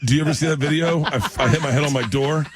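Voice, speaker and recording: A man's voice: fairly high pitch, fairly even intonation, racing, a crowd in the background. A man telling funny family stories as a comedian guest in a radio studio, laughing as he talks and acting out other people's voices. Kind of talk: storytelling on a radio show.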